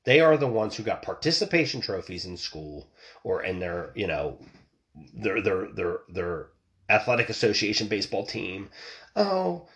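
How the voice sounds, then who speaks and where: A man's voice: on the low side, big pitch swings, normal speed, a bit bright. A middle-aged man ranting and telling a story bluntly, swearing often and restarting his sentences. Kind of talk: profane ranting monologue.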